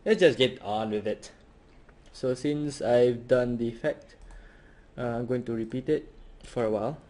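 Slow, hesitant man explaining a tutorial. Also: mid-range voice, darkish tone. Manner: hesitant, full of fillers and restarts. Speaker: tutorial host. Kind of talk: casual home tutorial.

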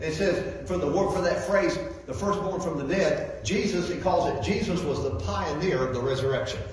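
A man's voice: a little high, slight background noise. Echoey preacher man from afar. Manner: repeats key phrases and reads scripture aloud. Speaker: guest preacher. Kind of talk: sermon. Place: church sanctuary. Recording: echoey hall, voice from far off.

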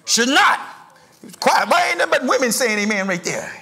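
A middle-aged man preaches in a church, his voice pitched unusually high for a man. His tone is bright and forceful, and his delivery climbs into sing-song rises and shouted emphasis. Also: very animated, moderate pace, vocal fry. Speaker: pastor. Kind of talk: sermon. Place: church sanctuary.

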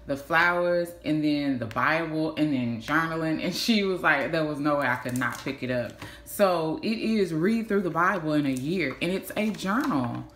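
A woman, chatting warmly in a casual vlog, gushing and repeating herself, saying y'all a lot. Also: sits low, animated, moderate pace, hardly any pauses. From Texas. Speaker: vlogger. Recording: echoey room with faint hiss.

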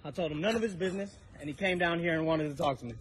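Furious high-voiced man confronting someone outdoors. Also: racing, slight background noise, rough recording. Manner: angry, profane, confrontational. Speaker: person filming a confrontation. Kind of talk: heated street argument. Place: residential street outdoors. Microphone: phone held while filming.

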